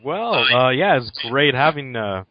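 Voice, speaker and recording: A man's voice: medium pitch, very animated, measured pace, muffled recording, a little hiss or hum. A man from Canada hosting a casual podcast interview and talking hesitantly, with many ums. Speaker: podcast host.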